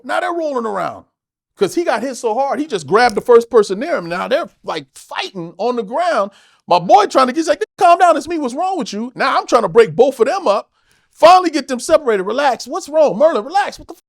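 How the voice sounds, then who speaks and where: A man in his forties telling a story as an interview guest, acting out quotes and swearing freely. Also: vocal fry. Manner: animated, acts out quotes with big pitch jumps, swears freely. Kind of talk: animated storytelling.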